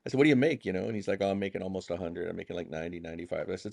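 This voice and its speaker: Man, very low voice, rapid, dry recording, folksy, animated storyteller, contractor guest. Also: gravelly, dry recording. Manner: animated, acts out dialogue in quick bursts; casual, folksy phrasing. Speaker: contractor and pastor, podcast guest. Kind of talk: casual storytelling interview.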